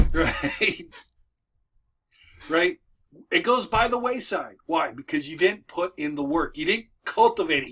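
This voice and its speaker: A man's voice: high voice, pushed and bright, slight background noise. A man hosting a casual motivational video from home for moving business owners, talking in a folksy, repetitive way with many restarts. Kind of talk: casual motivational talk to camera. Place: at home with dogs nearby.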